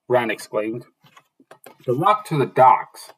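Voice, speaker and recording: A man reading a fantasy novel aloud as narrator, halting now and then with restarts and slips. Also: medium pitch, big pitch swings, slightly rough, rough recording.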